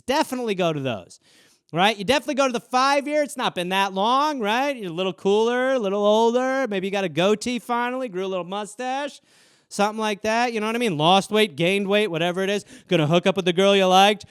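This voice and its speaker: A man's voice: high-pitched, clean tone, no room sound, studio quality. A man in his forties hosting a podcast, riffing casually and profanely, acting out little inner voices. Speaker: podcast host.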